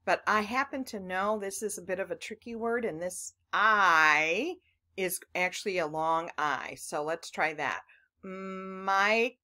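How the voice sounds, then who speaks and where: Patient woman phonics teacher, bright and slow, coaxing children through each sound. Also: medium pitch.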